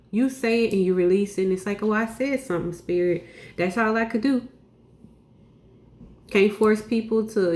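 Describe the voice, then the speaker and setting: A woman delivers a channeled spiritual message, circling back on her phrases with emphatic repetition and casual asides. Her voice sits a little low for a woman. The room around her rings with a noticeable echo. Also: a little mellow. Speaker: spiritual reader.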